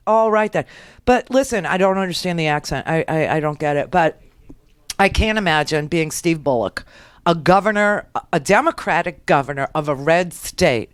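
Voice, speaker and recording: A middle-aged woman hosting a political talk radio show, riffing sarcastically with a New York accent and quick laughs. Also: deep voice, dry recording, clean studio sound. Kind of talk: political commentary.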